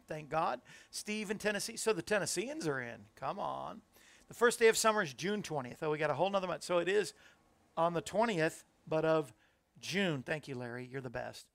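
A man's voice: on the high side, creaky. A man hosting a casual live show from a small studio, chatting and reading viewer comments aloud with upbeat asides. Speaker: show host. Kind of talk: casual live-stream chat. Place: small studio under hot lights. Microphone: studio microphone.

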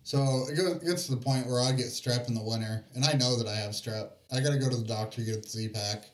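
A man's voice: mid-range voice, fairly quick, distant mic. A man speaking casually, laid-back and profane, in a chat. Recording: echoey and off-mic.

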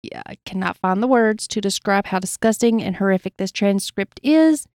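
A woman's voice: medium pitch, lively intonation, normal speed, a little mellow, no room sound, clean studio sound. A woman co-hosting a true crime podcast, reading from a case account with blunt personal asides. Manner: reads gravely, adds blunt asides. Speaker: podcast co-host.

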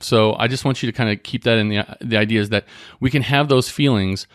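A man hosting a podcast in a casual motivational talk, chatting conversationally, often checking in with "right?" and slowing down to read book passages aloud. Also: fairly low pitch, clean tone, dry recording, studio quality. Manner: conversational, often asks "right?" and restarts phrases; reads book passages aloud more slowly. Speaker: podcast host.

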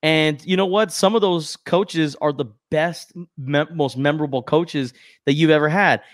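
A man's voice: fairly high pitch, moderate pace, dry recording, clean studio sound. A man co-hosting a podcast, chatting casually and telling stories with self-deprecating humor. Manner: self-deprecating, animated storytelling. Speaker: podcast co-host. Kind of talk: casual chat.

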